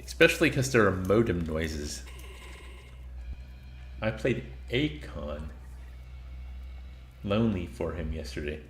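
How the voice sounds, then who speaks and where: A man's voice: deep voice, expressive, slow pace, long pauses, roomy sound. A man streaming a video game, casually chatting with viewers and laughing at himself. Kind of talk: casual gameplay commentary.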